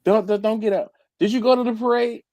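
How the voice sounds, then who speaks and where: A man's voice: sits high, quick pace, no room sound. A man hosting a barbecue channel, chatting casually on a live stream and rambling with restarts. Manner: animated, rambling, with repeated restarts.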